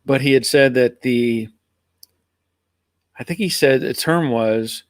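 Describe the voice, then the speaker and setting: A middle-aged American man, his accent sitting between Northern and Southern US, chatting with his live viewers in an easygoing, rambling way. His voice sits at an ordinary male pitch. The sound is close and dry, with no room echo. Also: slow pace. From Pennsylvania, USA. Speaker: live stream host. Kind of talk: casual live chat reading viewer comments.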